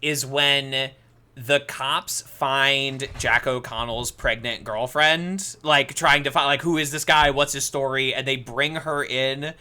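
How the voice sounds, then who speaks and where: Bright, animated podcast host man. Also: medium pitch, takes it slowly, smooth. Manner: animated, lots of filler "like", playful. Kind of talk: casual chat. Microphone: video call.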